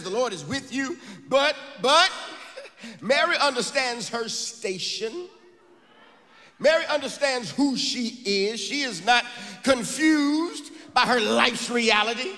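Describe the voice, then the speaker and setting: A man preaching a sermon as pastor, rising into sung and shouted phrases and calling on the congregation to testify, recorded in a church sanctuary. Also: extremely high pitch, in a large hall.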